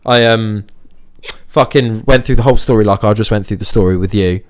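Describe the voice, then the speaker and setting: A man's voice: on the low side, a little fast. A young man from around Liverpool, chatting casually on a podcast. He tells a story full of swearing and acts out the people in it. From Liverpool area, England. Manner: sweary, animated anecdote-telling with acted quotes. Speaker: podcast host.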